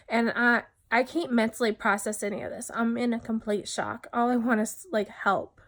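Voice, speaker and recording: A woman from New Jersey giving a personal testimony, speaking haltingly and often dropping quiet. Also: a little high, steady tone. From New Jersey, USA. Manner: halting, many fillers and restarts, often drops soft.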